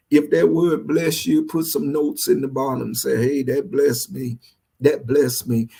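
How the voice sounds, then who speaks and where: A man's voice: on the high side, creaky, mellow, husky. A male pastor with a Southern US accent, preaching a livestreamed sermon in a repetitive style that builds to fervent energy.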